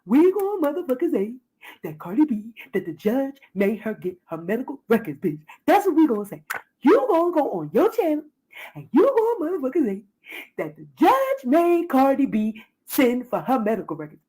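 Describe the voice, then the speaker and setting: A woman's voice: high voice, wildly swooping pitch, normal speed, dark tone, slightly rough, voice pushed up, heavily acted. A woman putting on a brash, scheming female gossip host who gives profane orders over and over. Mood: bossy scheming. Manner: bossy, profane, repetitive ordering.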